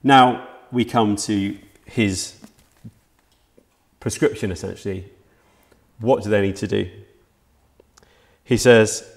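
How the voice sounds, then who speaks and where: A man preaching to a livestreamed church service. His voice sits low and has a gravelly fry to it. He speaks earnestly and reflectively, often restarting his sentences. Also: fairly even intonation, slow, long pauses. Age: adult, past university age. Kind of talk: sermon.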